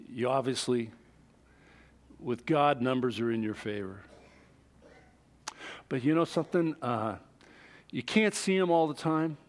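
A man preaching a sermon who reads scripture aloud and explains it conversationally. He stresses words with sudden rises in pitch and loudness. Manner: expressive, with big jumps in pitch and loudness for emphasis. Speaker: pastor.

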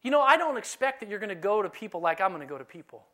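A man preaching a sermon in a conversational, animated way, now and then dropping to a soft, low delivery. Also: very fast. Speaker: pastor.

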